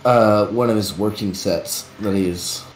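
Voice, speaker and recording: A man joining a livestream as a guest, talking in halting bursts with many fillers. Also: on the low side, echoey room, a little hiss or hum, rough recording. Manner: halting, many uhs and restarts. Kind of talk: casual livestream chat.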